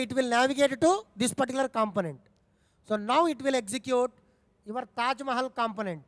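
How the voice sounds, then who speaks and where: High-voiced Indian English coding tutor. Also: male voice, dry recording, in a large hall. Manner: step-by-step, repeats phrases, asks himself questions. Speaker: programming tutor. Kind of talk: screen-recorded coding tutorial.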